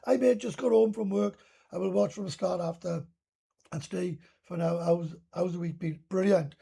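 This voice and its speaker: A man's voice: high voice, steady tone, normal speed, creaky, mellow, slightly rough. A Welsh man hosting a casual live stream, reading viewer comments aloud and answering them bluntly, swearing freely and often restarting his sentences. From Wales.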